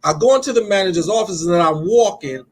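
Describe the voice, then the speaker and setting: Man, pastor hosting a call-in show, high voice, emphatic storytelling, faint music behind. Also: lively intonation. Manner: emphatic storyteller, slows down to stress points. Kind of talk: conversational sermon-style talk.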